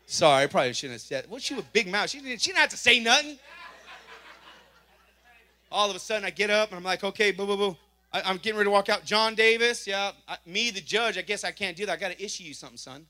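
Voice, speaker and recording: A man giving a church testimony, telling his story with lively acted-out dialogue. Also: high-pitched, fast talker. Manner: animated storytelling, acting out dialogue. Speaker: testimony speaker.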